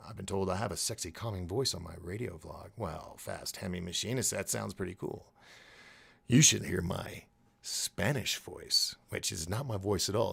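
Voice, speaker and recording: A man with a fairly low, gravelly voice hosts a relaxed live stream, reading chat comments aloud. He rambles, restarts his sentences and thinks out loud as he goes.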